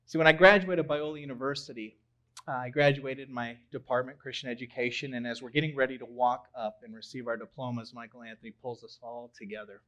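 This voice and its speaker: A young man preaching a sermon, telling a story in an animated way and swelling loud on key phrases. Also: mid-range voice, fast talker. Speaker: pastor.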